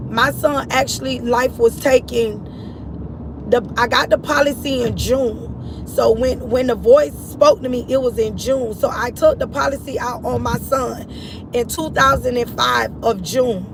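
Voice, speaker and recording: Middle-aged mother, testimony, high pitch with some fry, recorded outdoors with street traffic behind. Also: fairly even intonation, unhurried. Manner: earnest, repetitive storytelling, addresses listeners as y'all. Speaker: grieving mother sharing her story. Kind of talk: personal testimony to followers. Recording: outdoor street noise, vehicles passing.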